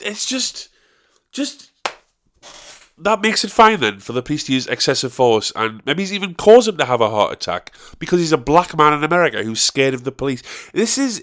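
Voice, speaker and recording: A man's voice: mid-range voice, a bit bright. A young man from the North of England with a Northern English accent, ranting casually and swearing, with many repeated restarts. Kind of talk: casual monologue.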